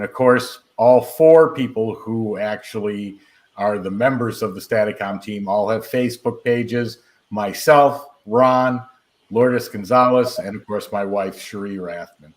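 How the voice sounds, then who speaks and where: A man guest in a casual interview, calmly and methodically spelling out details. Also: medium pitch. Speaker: paranormal investigator guest.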